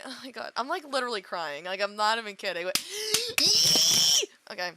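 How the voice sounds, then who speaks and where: Emotional streamer woman, bright and dry. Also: a little high, wildly swooping pitch, normal speed, no echo. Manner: dramatic, laughing and wailing, swears freely. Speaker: VTuber streamer. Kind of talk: emotional let's-play reaction.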